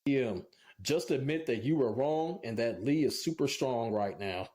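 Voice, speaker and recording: A man's voice: medium pitch, animated, normal speed, a little mellow. A man commentating on fighting games in a ranting, profane way, groaning in disbelief over and over. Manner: profane and exasperated, repeats "oh my God, man".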